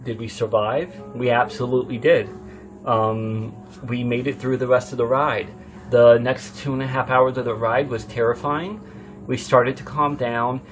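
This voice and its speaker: A man with a mid-range voice tells a scary story casually, rambling with many fillers and restarts and swearing often. He's tense, swinging from hushed to loud as he retells it.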